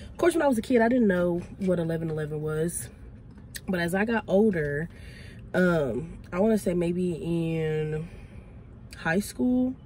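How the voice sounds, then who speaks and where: A young woman from Texas with a Southern accent, chatting quickly and excitedly to viewers from inside her car in a casual vlog. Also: on the low side, slight background noise. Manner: fast, excitable, chatty, addresses viewers as y'all. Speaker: vlogger. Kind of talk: casual vlog talk to camera.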